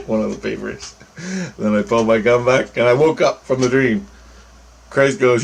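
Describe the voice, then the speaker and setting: Low-voiced man, rambling and profane. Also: moderate pace, vocal fry, slightly rough. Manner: rambling, profane, restarts phrases. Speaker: storyteller recounting a dream. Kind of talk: casual spoken storytelling.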